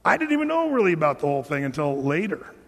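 A man's voice: fairly high pitch, sing-song, quick pace, a bit bright. A man preaching as pastor, telling stories and joking with asides to his congregation. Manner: conversational and joking, with lots of asides. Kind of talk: sermon. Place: church sanctuary. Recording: long hall reverb in a church.

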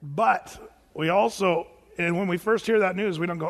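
Animated high-voiced male pastor preaching. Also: normal speed, slightly rough, long reverb tail. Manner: conversational and animated, reads scripture aloud, jokes with the congregation. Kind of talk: sermon. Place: church sanctuary.

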